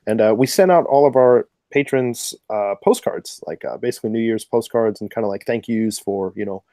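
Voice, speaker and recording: A man hosting a podcast in casual chat, reading out listener comments in a relaxed way with many fillers. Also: fairly low pitch, brisk, no room sound. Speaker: podcast host.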